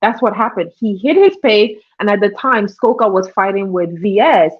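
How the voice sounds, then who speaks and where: A woman's voice: mid-range voice, expressive, normal speed, husky. A woman hosting a livestream in casual commentary, chatty, greeting viewers by name as she talks. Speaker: livestream host. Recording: dull lo-fi stream audio.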